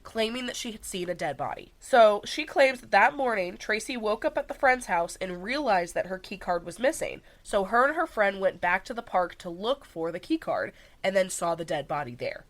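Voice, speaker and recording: A young woman co-hosting a casual chat show, telling a crime story in a loose, animated way, swearing and acting out the people in it. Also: medium pitch, normal speed, few pauses. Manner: animated, swearing, acts out quoted voices. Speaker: podcast co-host telling a true crime story.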